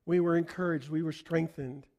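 A middle-aged pastor with a notably high voice gives a relaxed, conversational sermon. He talks to the congregation as if chatting with them and often throws questions out to them. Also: moderate pace.

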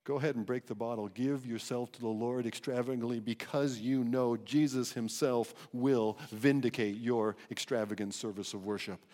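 A man preaching a sermon as pastor, emphatic and animated, often restarting his phrases. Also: medium pitch, moderate pace, few pauses, big-room sound. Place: church sanctuary.

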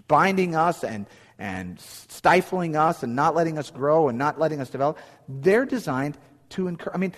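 A man's voice: fairly high pitch, in a large hall. A middle-aged man preaching a sermon, telling a personal story earnestly with frequent restarts. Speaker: pastor.

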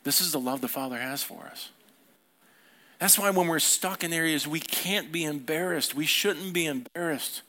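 A man's voice: a little high, moderate pace, sharp tone. A middle-aged male pastor delivering a Sunday sermon. His speech is conversational, and he often turns to the congregation with questions.

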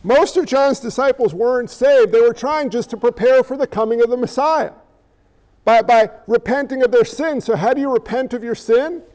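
A pastor preaches in a conversational, joking way, tossing questions out to the congregation. His voice sits very high for a man, light and reedy. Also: normal speed, a little mellow, poor audio. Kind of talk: sermon.

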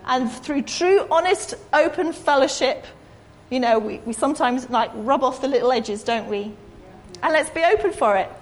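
A woman's voice: high-pitched, animated, moderate pace. A woman giving an informal, rambling, self-deprecating sermon in a church hall. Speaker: preacher. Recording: echoey hall.

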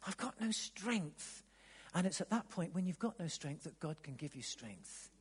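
High-voiced preacher man in a reverberant hall. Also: animated, moderate pace, breathy edge. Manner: swings from soft near-whispers to loud emphatic bursts; restarts and repeats words when stirred. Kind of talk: sermon. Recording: long reverb of a large hall.

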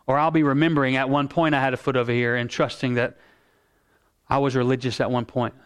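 A male pastor preaching a sermon in an earnest, emphatic way, slowing down to stress key words. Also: mid-range voice, little pitch movement, clear, resonant tone.

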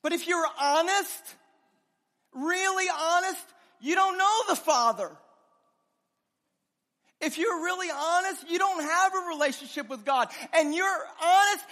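A pastor preaching a sermon with passion, his voice swinging between loud and hushed. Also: very high voice. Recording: long reverb of a large hall.

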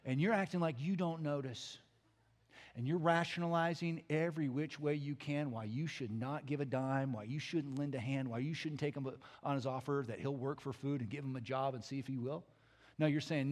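Male pastor, slightly high voice, animated sermon storyteller. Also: fast, big-room sound. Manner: animated, swings between loud and hushed.

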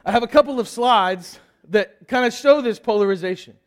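Joking high-voiced preacher. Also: male voice, moderate pace, clean tone. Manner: joking, conversational preaching with audience asides. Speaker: youth pastor. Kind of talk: sermon. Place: church hall with audience.

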